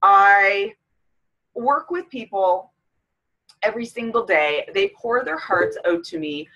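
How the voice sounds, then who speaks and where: Close to tears and speaking candidly, a middle-aged fitness coach from Canada opens up to camera in her personal vlog, clearly emotional. She has a mid-range, slightly bright voice, heard on a rough recording.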